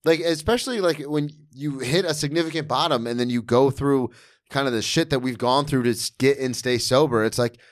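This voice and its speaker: A man's voice: mid-range voice, brisk, no echo, clean studio sound. A man hosting a casual podcast, blunt and sarcastic, swearing often. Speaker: podcast host.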